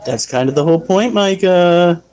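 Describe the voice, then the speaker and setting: A man hosting a casual pet livestream, loudly scolding his dogs and reading chat comments aloud. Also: high voice, normal speed, low-quality recording.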